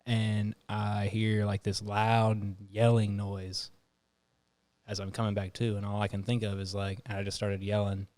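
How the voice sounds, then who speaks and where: Low-voiced man telling a story with animated flair. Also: unhurried. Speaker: podcast host. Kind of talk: casual chat.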